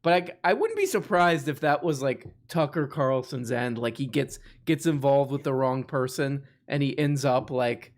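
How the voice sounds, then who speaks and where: A man hosting a live call-in stream, talking in a loose, rambling way. He laughs often and restarts his sentences again and again. His voice sits at an ordinary middle pitch. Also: expressive, normal speed, hardly any pauses. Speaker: host. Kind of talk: casual live-stream chat.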